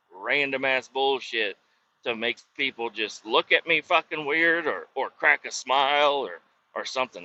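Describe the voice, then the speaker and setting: A man's voice: medium pitch, sharp tone, muffled recording. A man hosting a podcast, telling a work story in a rambling, foul-mouthed way and often doubting himself as he goes. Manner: rambling, heavy swearing, self-doubting asides. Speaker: podcast host; industrial cleaning worker. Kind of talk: casual profane storytelling.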